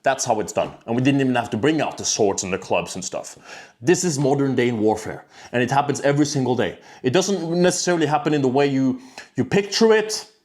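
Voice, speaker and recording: A man's voice: mid-range voice, brisk, darkish tone. A man talking to camera in a blunt, profane, rambling monologue about discipline, with frequent restarts and filler words. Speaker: self-improvement vlogger.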